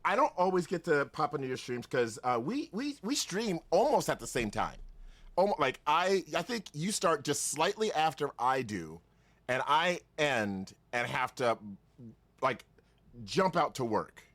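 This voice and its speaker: A man's voice: on the high side, sing-song, unhurried, a bit bright, no room sound. A man hosting a casual podcast, rambling with lots of restarts and laughing often. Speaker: podcast host.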